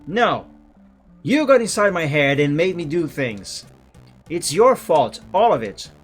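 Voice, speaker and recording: A man reading the lines of a young woman witch, slightly raised in pitch. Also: sing-song, measured pace, a bit bright, soft background music. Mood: defiant.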